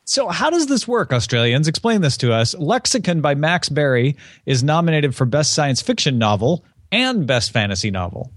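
A man's voice: on the high side, big pitch swings, normal speed, few pauses, no room sound, clean studio sound. A middle-aged man co-hosting a book podcast in a casual, joking way, laughing often. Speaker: podcast co-host. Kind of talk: casual chat.

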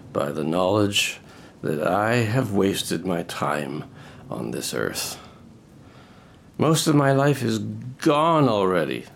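An actor playing a bitter, drunken middle-aged estate manager, rambling and self-pitying in a stage drama. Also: male voice, lowish voice, gravelly, slight background noise, exaggerated voice. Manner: rambling, melancholy, pleading.

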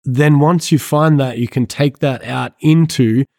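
Man, counsellor, excitable, earnest, mid-range pitch, dry recording. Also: a little slow, no room sound. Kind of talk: podcast discussion.

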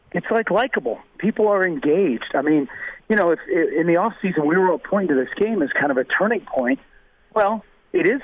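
Hoarse analyst on a phone line. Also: male voice, on the high side. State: hoarse from a cold. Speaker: football analyst. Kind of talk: sports radio analysis.

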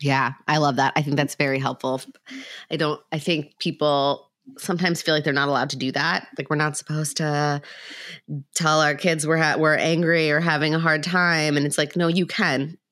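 Low-voiced woman psychologist, dry sound. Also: normal speed, no room sound. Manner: explains calmly with everyday examples. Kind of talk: casual podcast discussion.

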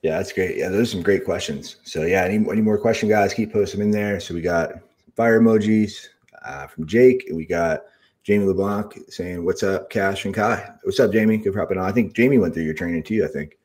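A man's voice: sits low, brisk, a little mellow. A man hosting a podcast interview, chatting loosely with lots of fillers and reading out live comments from viewers. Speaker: podcast host. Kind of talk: casual interview talk.

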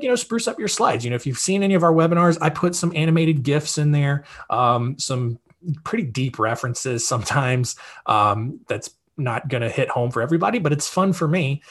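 A man with a slightly husky, mid-pitched voice talks through practical tips in a loose, conversational monologue. He keeps it upbeat, scatters fillers, and often checks in with the listener. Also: fairly bright tone. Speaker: podcast host. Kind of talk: casual advice monologue.

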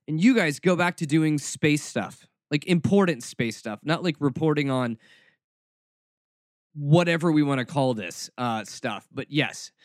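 A man with a somewhat high voice hosts a casual commentary podcast, full of sarcasm and mock drama. His delivery is snarky and playful, and it sounds dry and close, with no room echo. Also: expressive, unhurried. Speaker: podcast host.

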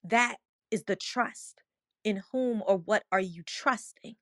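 A woman's voice: mid-range voice, slow, fairly bright tone, no room sound, studio quality. A woman hosting an online audio room, telling a personal story in a passionate, emotional, earnest way. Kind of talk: passionate motivational talk.

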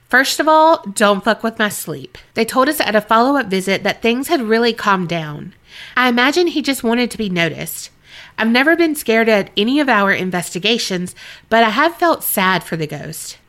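Bright-voiced woman podcast host. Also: a little high. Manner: animated, laughs often, drawling asides. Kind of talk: reading a listener story, then casual chat.

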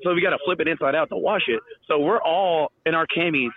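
A young man telling rowdy stories in a casual, animated way, swearing and loudly acting out the voices of others. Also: a little high, fast talker. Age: young adult. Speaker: guest storyteller. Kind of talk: casual storytelling. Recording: tinny phone-line audio.

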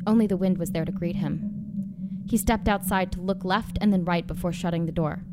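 A woman in scripted story narration, telling it in a measured, dramatic way. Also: on the low side, fairly even intonation, very noisy. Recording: dry close mic with faint music. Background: faint background music.

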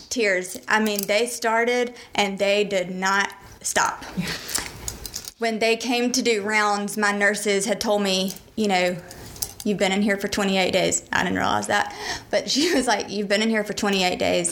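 A young woman tells a personal story in an animated way and often laughs as she talks. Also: medium pitch, a little hiss or hum. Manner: animated, laughs while telling.

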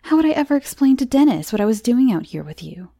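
A woman's voice: on the high side, very animated, quick pace, vocal fry, warm tone, dry recording, voice pushed up, exaggerated voice. A woman voicing a fussy, cross young mother with a prim, scolding manner. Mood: anxious.

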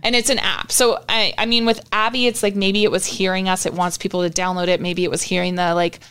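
A woman's voice: medium pitch, level tone, fast, a bit bright, clear, resonant tone. A young woman co-hosting a podcast, telling a story in casual chat with lots of swearing. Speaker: podcast co-host.

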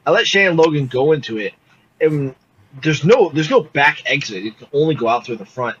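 Man, co-host, casual chat, excitable, profane, lively voice, slightly muffled audio. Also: a little high, a little fast, husky. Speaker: podcast co-host. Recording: slightly dull audio, faint noise.

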